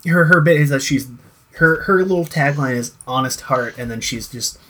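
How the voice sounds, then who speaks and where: A man's voice: mid-range voice, moderate pace, fairly bright tone. A man chatting casually about a TV show, rambling with many fillers and restarts and swearing now and then. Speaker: co-host discussing a TV show. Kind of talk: casual chat.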